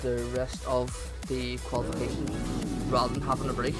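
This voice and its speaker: A man's voice: mid-range voice, monotone, over music. A man co-hosting a drift event, trading casual, swearing banter with a fellow commentator. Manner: slow, swearing, joking banter.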